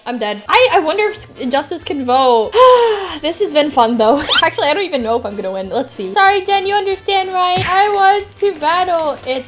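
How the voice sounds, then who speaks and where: A woman's voice: very high voice, expressive, moderate pace, hardly any pauses, a bit bright. A woman giving casual, dramatic and teasing commentary while playing a video game. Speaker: gaming video creator.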